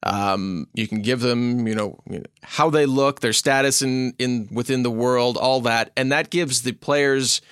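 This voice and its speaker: A man co-hosting a podcast, chatting casually about tabletop games in an easygoing, halting way. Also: mid-range voice, fairly bright tone, smooth, no room sound, clean studio sound. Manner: easygoing, halting, many fillers. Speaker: podcast co-host. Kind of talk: casual chat.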